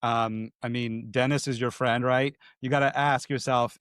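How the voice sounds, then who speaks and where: A man who is an executive coach and a podcast guest, talking in an animated, conversational coaching manner that often acts out quoted voices. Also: mid-range voice, moderate pace, clear, resonant tone, dry recording, studio quality.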